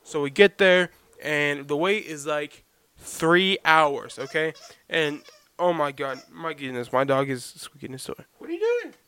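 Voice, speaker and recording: A young man from Oklahoma hosting his own podcast at home, telling a rambling, animated story in casual chat and breaking off to scold his dog. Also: fairly high pitch, a little slow, clean tone. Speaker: podcast host.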